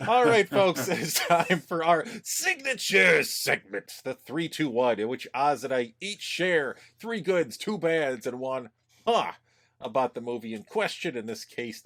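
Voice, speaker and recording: A man's voice: mid-range voice, a bit bright. A man co-hosting a movie podcast in casual chat, joking and laughing, often restarting his sentences. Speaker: podcast co-host.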